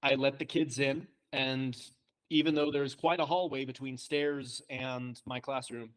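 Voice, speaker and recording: A man's voice: medium pitch, flat delivery, a little slow. A young man chatting casually on a podcast, telling self-deprecating stories and laughing often. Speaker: co-host, trainee.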